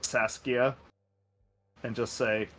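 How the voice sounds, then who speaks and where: A man's voice: mid-range voice, level tone, slow, fairly bright tone, rough recording. A man playing a tabletop game, chatting casually with many hesitations. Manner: hesitant, filler-heavy. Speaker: player.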